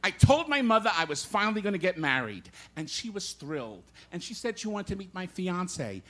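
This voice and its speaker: A man's voice: high voice, sing-song, fast, bright, forceful tone. A man doing live stand-up in a comedy club, telling old-school jokes and firing back at hecklers. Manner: old-school joke teller, banters with hecklers. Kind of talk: live stand-up with crowd work.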